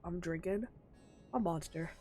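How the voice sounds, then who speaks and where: A woman with a lowish, mellow voice talks a little slowly while live streaming a video game, her nose stuffed up and faint music behind her. Speaking into a desk microphone at home, she chats bluntly, swears a lot, and laughs at herself.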